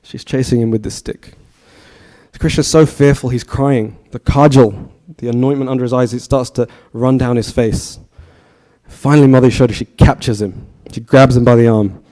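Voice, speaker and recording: Delivering a temple talk, a man in his thirties shares stories in a sermon, talking casually and posing questions to the audience. His mid-range voice has a dark tone, fairly even intonation, and a normal speed.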